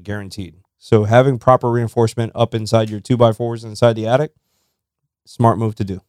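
A man's voice: fairly low pitch, a little mellow, no echo, clean studio sound. Laid-back man telling stories. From South Florida. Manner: laid-back storyteller, uses "bro". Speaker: podcast co-host. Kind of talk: casual chat over beers.

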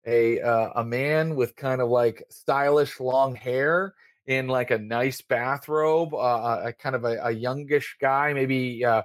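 A man's voice: medium pitch, dry recording, clean studio sound. A man narrating as game master in a tabletop role-playing game, with many fillers. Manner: rambling, filler-heavy narration.

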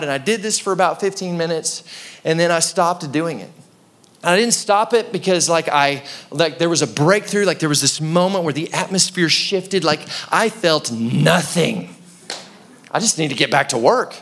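Male pastor, young adult, somewhat high voice, chatty storytelling sermon with acted-out quotes. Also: normal speed, fairly bright tone.

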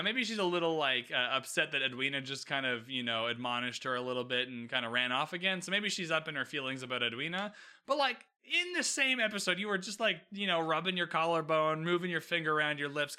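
A man hosting a casual solo podcast recap, animated and sarcastic, swearing freely and laughing often. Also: fairly high pitch, fast, clean tone. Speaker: podcast host recapping a TV episode.

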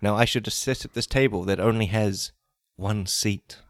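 A man's voice: on the low side, normal speed, no echo, studio quality, voice pushed down, natural voice. A man playing a lonely, stammering single woman named Rebecca in an improvised comedy sketch, in his own everyday voice. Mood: timid. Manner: timid, stammering, self-pitying.

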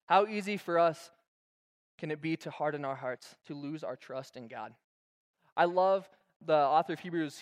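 A young man preaching a sermon as pastor, casual and slangy, acting out stories as he goes. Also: a little high.

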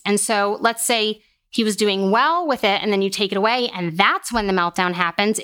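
A woman in her thirties, an occupational therapist, talking in a casual, animated interview and often slipping into quoted voices. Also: medium pitch.

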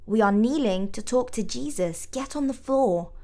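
A woman's voice: lively intonation, normal speed, mellow. A woman voicing a stern mother with a German accent, speaking in a firm, commanding way in a storybook reading. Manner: firm, commanding, rising in pitch. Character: stern German mother leading family worship.

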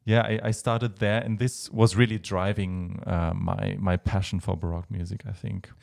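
A man with a German accent, a Baroque violinist talking as a guest in a relaxed interview, hesitant with many fillers and light laughs. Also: low-pitched, moderate pace, gravelly. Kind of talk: casual interview chat.

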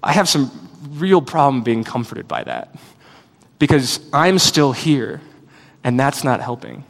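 A male pastor delivers a sermon in an earnest, reflective way, weaving in personal stories. His voice sits at an ordinary middle pitch. A long reverb hangs around him, as in a church sanctuary. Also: animated, a little slow.

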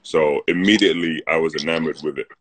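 A man's voice: a bass voice, fairly even intonation, fast talker, slight background noise. A man in his thirties with a London accent, telling stories in a laid-back live-stream chat on a phone mic. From North London, England. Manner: laid-back storyteller, "like" and "you know". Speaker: co-host. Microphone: phone on a live video stream.

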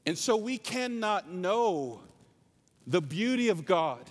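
Passionate Southern preacher, high-pitched man, big reverberant church sound. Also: big pitch swings, slow pace. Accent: Southern US, North Carolina. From North Carolina. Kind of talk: sermon.

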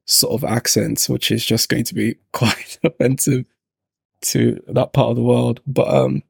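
Male podcast co-host, relaxed and easily amused, gravelly mid voice, dry close sound. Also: mid-range voice, unhurried, dry recording. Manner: relaxed, laughs often, asks guests questions. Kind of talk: casual film discussion.

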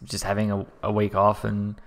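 Relaxed man, lowish voice. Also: moderate pace, gravelly. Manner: relaxed, chatty storytelling. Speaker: podcast co-host. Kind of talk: casual chat.

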